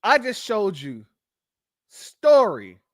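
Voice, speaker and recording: A man with a strikingly high voice hosts a loose reaction show, chuckling often and calling his audience family. The sound is dry and close with no room around it. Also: wildly swooping pitch, slow pace, no room sound. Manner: laughs often, addresses viewers as family. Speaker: commentary host. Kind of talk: casual reaction commentary.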